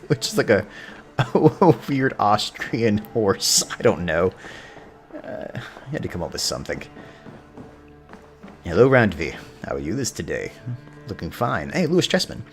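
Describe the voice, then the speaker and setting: A man's voice: low-pitched, fairly bright tone. Chatty, joking male game streamer. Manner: joking, chatty, history-buff asides. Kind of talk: gameplay commentary.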